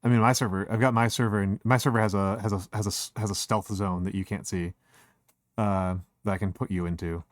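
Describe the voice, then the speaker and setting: A man's voice: on the low side, fairly even intonation, brisk, no echo, clean studio sound. A man hosting a stream, chatting casually and hesitantly with lots of restarts. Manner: hesitant, many restarts and fillers. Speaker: streamer host. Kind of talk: casual chat.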